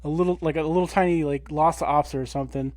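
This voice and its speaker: Man, 30s, podcast co-host, lively profane storytelling, higher voice, dry close sound. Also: fast, no echo. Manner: animated, profane, acts out quotes. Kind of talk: casual storytelling.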